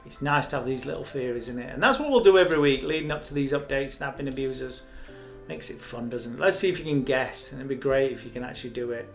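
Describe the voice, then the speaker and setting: A man's voice: mid-range voice, quick pace, few pauses, soft background music. A man casually chatting and rambling as host of a live game stream, joking at his own expense. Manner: chatty, rambling, self-mocking.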